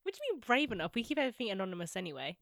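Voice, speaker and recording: A woman's voice: mid-range voice, sing-song, rapid-fire, creaky, a bit bright, no echo, studio quality. A woman co-hosting a podcast in casual chat, teasing and laughing often. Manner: teasing, laughs often, asks follow-up questions. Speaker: podcast co-host.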